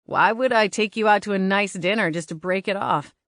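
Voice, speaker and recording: Patient boyfriend, as a woman voices him, concerned calm tone, audiobook, dry booth. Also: medium pitch, fairly quick, no room sound, close to an everyday voice. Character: kind, patient adult boyfriend. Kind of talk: audiobook narration.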